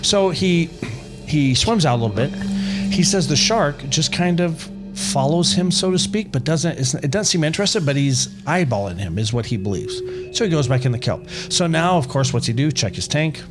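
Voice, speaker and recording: A man casually retelling a story to friends, animated and sprinkled with profanity. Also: on the high side, normal speed, music in the background. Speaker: podcast co-host.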